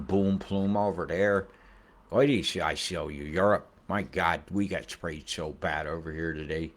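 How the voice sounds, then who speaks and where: A man giving casual weather commentary over satellite images, rambling, profane and conspiratorial. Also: deep voice.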